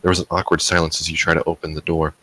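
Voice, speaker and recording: A young man with a very deep voice reads a story aloud in a jokey, offhand way. His tone is bright and forward. The sound is close and dry. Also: flat delivery, rapid-fire, no echo, poor audio. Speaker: host reading fan fiction aloud. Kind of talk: comedic read-aloud.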